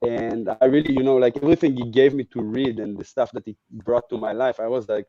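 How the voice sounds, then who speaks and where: A man's voice: mid-range voice, fairly even intonation, a little fast, few pauses, mellow, no echo, lo-fi sound. A man from Israel, a podcast guest talking casually and thoughtfully, searching for his words. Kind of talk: casual reflective chat.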